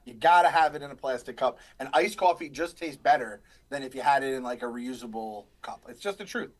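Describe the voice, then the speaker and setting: A man's voice: medium pitch, a little fast. A man in his thirties, a podcast co-host, rambling through casual live stream chat and stories. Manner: rambling, animated storyteller.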